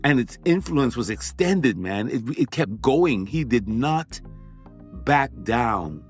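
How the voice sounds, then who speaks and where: A man's voice: mid-range voice, big pitch swings, slow pace, faint music behind. A man hosting a motivational podcast, talking emphatically and conversationally and repeating phrases for effect. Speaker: podcast host and physician.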